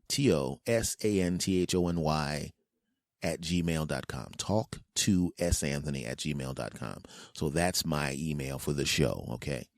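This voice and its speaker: A man in his forties riffs on his podcast in a loose, jokey monologue that wanders as he goes. His voice sits very low and deep. The sound is dry and close on the microphone. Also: a little mellow, dry recording. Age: 40s. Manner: playful, rambling, jokey asides. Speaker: podcast host. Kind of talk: casual comedic monologue.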